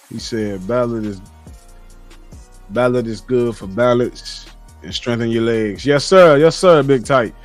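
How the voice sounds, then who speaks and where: A man's voice: mid-range voice, unhurried, soft background music. A man on a casual livestream, reading his chat and lecturing his viewers in a blunt, profane way. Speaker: streamer reading live chat.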